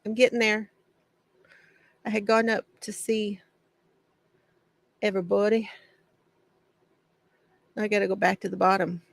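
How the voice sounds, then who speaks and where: A woman's voice: mid-range voice, level tone, a little slow, gravelly, long pauses, no echo. A woman hosting a casual craft livestream from her home shed, greeting viewers by name, chatty and often laughing.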